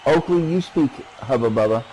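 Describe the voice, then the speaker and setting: A man's voice: mid-range voice, expressive, normal speed, warm tone, a faint crowd, a little hiss or hum, rough recording. A man doing playful ringside wrestling commentary, teasing and needling his co-host.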